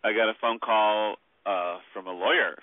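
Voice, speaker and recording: A man's voice: lowish voice, fairly even intonation, normal speed, no echo. A man, an author and guest, telling stories in a rambling way with many fillers over the phone. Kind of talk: phone interview storytelling. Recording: tinny phone line.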